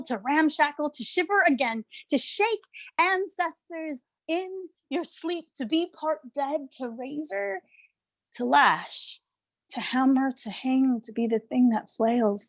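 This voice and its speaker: A woman performing her own poem in a slow, deliberate spoken-word delivery, then thanking the hosts. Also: high-pitched, no echo. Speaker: poet. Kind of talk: poetry reading.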